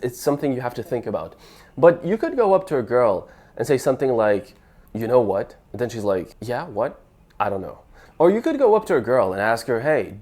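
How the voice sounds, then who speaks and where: Young man giving lively dating advice. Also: mid-range voice. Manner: lively, stammers and restarts, acts out sample lines. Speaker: dating coach. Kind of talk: casual advice talk to camera.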